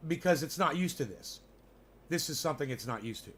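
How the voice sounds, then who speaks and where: A man's voice: a little high, expressive, a little fast, fairly bright tone, breathy edge. A man rambling casually to his viewers from home, loose and profane, talking straight at the audience. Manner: loose, profane, chatty, addresses viewers directly. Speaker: vlogger. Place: home in the mountains.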